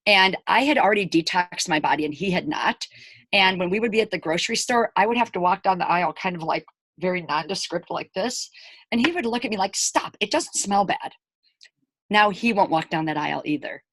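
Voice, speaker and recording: She's a fast talker with a mid-range voice, recorded with no room sound: an elementary school teacher in her 40s chatting casually to camera about her own life. She quotes what others said to bring scenes back and makes animated, emphatic asides to viewers.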